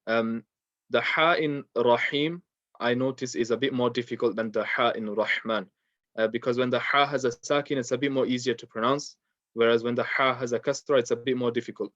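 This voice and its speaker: Male teacher, mid-pitched, patient and unhurried, dry close room, slightly muffled. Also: fairly even intonation, fairly bright tone, no room sound. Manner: patient, explains step by step with many fillers. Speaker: Quran tajweed teacher. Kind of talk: online lesson.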